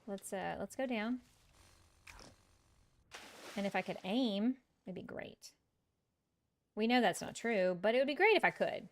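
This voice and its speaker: A woman streaming a game chats casually with her viewers, chatty and self-mocking and laughing often. Her medium-pitched voice has lively intonation, and she talks unhurriedly with long pauses.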